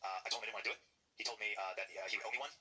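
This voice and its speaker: A man spills rapid-fire anecdotes as a guest, blunt and swearing freely. His voice is husky and edged with a sharp, tense brightness. He barrels ahead at a breakneck pace. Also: lowish voice, steady tone, poor audio. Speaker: interview guest. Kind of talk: candid casual storytelling.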